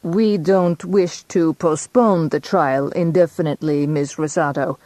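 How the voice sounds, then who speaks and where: A woman's voice: deep voice, unhurried, mellow, no echo. A woman reading an audiobook, voicing a distant, formal male doctor who speaks in a stilted accent. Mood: cold, formal. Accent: foreign, stilted. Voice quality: stiff and formal.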